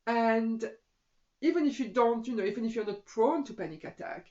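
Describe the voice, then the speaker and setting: A woman's voice: fairly high pitch, normal speed, mellow, muffled recording. A middle-aged woman yoga teacher giving casual tips to camera in a chatty way, often saying "you know".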